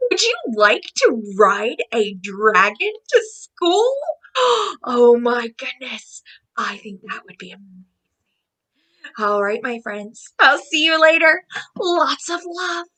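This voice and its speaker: High, lively woman reading to kids. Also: takes it slowly, poor audio. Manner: excited, gasping, exclaiming to children. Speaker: storyteller reading to children. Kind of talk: animated picture-book read-aloud.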